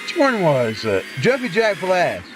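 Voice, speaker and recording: A man chatting casually on a livestream, rambling and pausing to recall details. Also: high voice, huge pitch swings. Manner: rambling, folksy, trails off to recall things. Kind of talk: casual chat between singing. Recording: noisy background.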